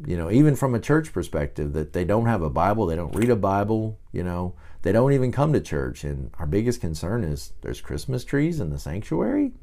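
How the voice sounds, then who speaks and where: A man's voice: low-pitched, very animated, fairly quick, hardly any pauses, mellow. A man who is a pastor, giving a casual, conversational teaching talk on his podcast with frequent restarts and asides.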